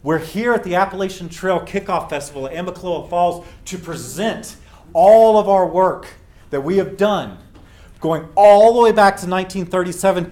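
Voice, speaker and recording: A man delivering a welcome speech, earnest and emphatic, with a slightly higher voice than most men. He slows down to land his key lines. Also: darkish tone. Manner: earnest, emphatic, slowing for effect. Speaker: welcome speaker. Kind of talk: public storytelling speech.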